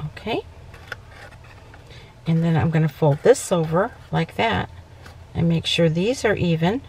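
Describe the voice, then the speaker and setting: Woman, craft tutorial host, lowish voice, chatty, self-correcting, faint background hiss. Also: measured pace, darkish tone. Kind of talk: casual crafting demonstration.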